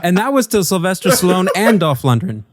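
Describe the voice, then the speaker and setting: A man's voice: high voice, very animated, a little fast, over a noisy crowd. A man on a casual panel chat, enthusiastic and joking.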